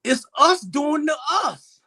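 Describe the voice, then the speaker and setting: A man on a casual live-stream talk show, emotional and impassioned, his voice swinging between loud and soft. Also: very high voice, sing-song, slow.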